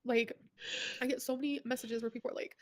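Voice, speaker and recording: A woman's voice: fairly high pitch, fairly even intonation, fast talker, a little mellow. A woman livestreamer with a stuffy nose, rambling casually and packing her talk with "like.". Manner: rambling, full of "like" fillers.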